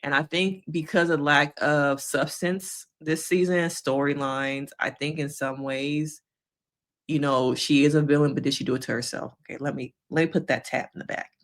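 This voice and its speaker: A woman therapist giving casual reaction commentary to viewers, talking directly to them and acting out quotes in high voices. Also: fairly even intonation, moderate pace. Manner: conversational, addresses viewers directly. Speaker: therapist reacting to a reality show.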